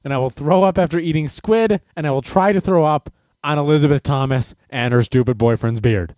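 A man's voice: a little high, a little fast, a little mellow, dry recording, studio quality. A man hosting a comedic news commentary show, ranting sarcastically and getting worked up.

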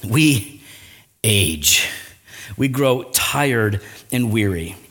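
A man preaching a sermon, earnest, with frequent rhetorical asides and big swings in pitch and loudness. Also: lively intonation, drawn-out words. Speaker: pastor.

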